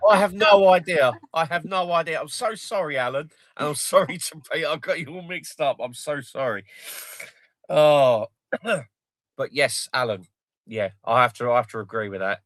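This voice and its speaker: Male host, mid-pitched, sweary and jokey, dry close sound. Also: moderate pace, no echo. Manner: sweary, jokey, retells film scenes excitedly. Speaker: livestream host. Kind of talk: casual livestream chat.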